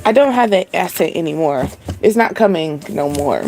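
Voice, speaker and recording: A woman's voice: fairly low pitch, lively intonation, moderate pace, over music. A young woman hosting a spiritual channel, giving a casual live-stream reading in a chatty, laid-back way with frequent laughter.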